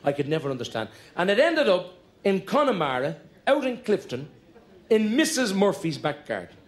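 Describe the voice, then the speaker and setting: A middle-aged Irish comedian spins stand-up yarns on stage with a chatty, conspiratorial lilt. His voice sits a little high for a man, and he leans on repeated phrases to build each joke. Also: big pitch swings, moderate pace. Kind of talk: live stand-up storytelling.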